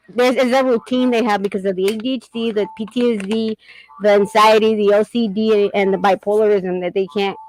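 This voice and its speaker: A woman's voice: medium pitch, a little mellow, low-quality recording. Rambling, laughing woman chatting casually. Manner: rambling, laughs often, acts out her son's voice. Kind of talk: casual chat.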